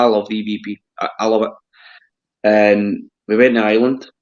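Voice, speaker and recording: A low-pitched Scottish man hosts a relaxed chat, stopping and restarting his words often. The recording sounds dull and lo-fi. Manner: hesitant, repeats words. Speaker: host. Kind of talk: casual chat.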